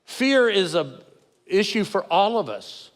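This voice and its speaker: A middle-aged man, preaching a sermon as pastor in a folksy, animated, self-deprecating way. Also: high voice, slow pace, in a large hall. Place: church sanctuary with multiple campuses.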